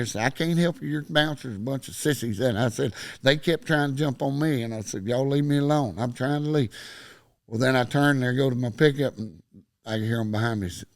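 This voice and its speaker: A man's voice: mid-range voice, fairly quick, vocal fry, no echo. A middle-aged man with a Texan accent, a podcast guest telling a long story in casual chat and acting out every quoted line.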